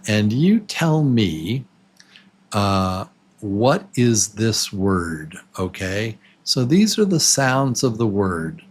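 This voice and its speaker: A man teaching English to absolute beginners, patiently repeating words slowly and counting syllables with the listener. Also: lowish voice. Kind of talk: slow, clearly spoken beginner English lesson.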